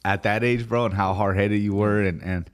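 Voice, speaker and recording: A man with a fairly low voice co-hosts a podcast in a relaxed, chatty way. He laughs easily and drops casual slang like "bro" and "dude.". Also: moderate pace. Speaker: podcast co-host. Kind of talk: casual conversation.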